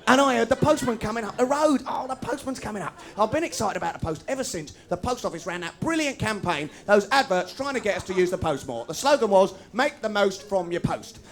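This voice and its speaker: High-pitched ranting comedian. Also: male voice, expressive. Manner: fast, ranting, sarcastic with sudden shouts. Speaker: stand-up comedian. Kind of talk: live stand-up routine. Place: students' union bar with live audience.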